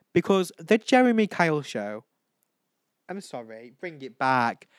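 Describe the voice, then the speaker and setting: A man's voice: mid-range voice, fairly bright tone, clean tone, no room sound. A young man rambles through a casual solo chat, giggling and saying sorry as he goes. His voice sits in a middle register and is recorded dry and close, with no room sound. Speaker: podcast host. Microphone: home microphone.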